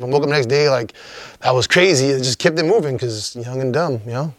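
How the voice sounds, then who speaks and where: A man's voice: medium pitch, a little fast, no echo. A man telling a story as an interview guest, in a rambling, profane, laid-back way.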